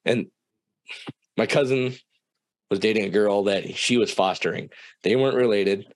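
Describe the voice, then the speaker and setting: A young man from South Dakota, a guest telling a personal story in a casual, profane, animated way, acting out the people in it. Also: lowish voice, normal speed, no room sound.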